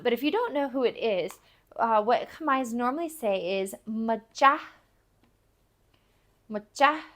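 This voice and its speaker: A woman teaching a language lesson, repeating foreign phrases slowly and carefully for learners. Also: a little high.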